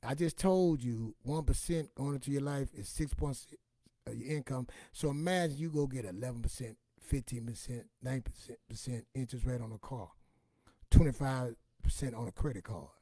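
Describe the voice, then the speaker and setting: A man gives a motivational talk full of personal stories. He speaks in a loose, colloquial way, swears casually, and sits at an ordinary pitch. The recording is close and dry. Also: normal speed, warm tone, dry recording. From Louisiana, US.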